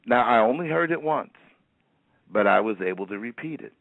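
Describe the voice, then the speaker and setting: Gravelly earnest male storyteller. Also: medium pitch, animated, moderate pace, no echo. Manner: earnest, reflective. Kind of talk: storytelling talk. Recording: dry, phone-like narrow sound.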